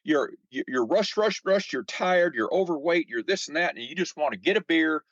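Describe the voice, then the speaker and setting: An older man in his seventies talks casually as a podcast guest, his pitch rising and falling a lot as he acts out what people said. He stumbles over repeated words and fillers. The sound is dry and a little muffled. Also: moderate pace, no echo. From United States. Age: 70s. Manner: chatty, animated, acts out quoted remarks. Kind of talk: casual conversational storytelling.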